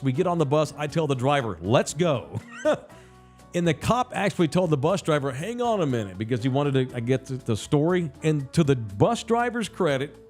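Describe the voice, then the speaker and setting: A fairly high-voiced man tells a story with big swings in pitch, acting out the lines of the people in it. His delivery is profane and emphatic, with faint music underneath. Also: darkish tone. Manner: acts out other people's lines in a shifting voice. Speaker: podcast host. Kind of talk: animated storytelling.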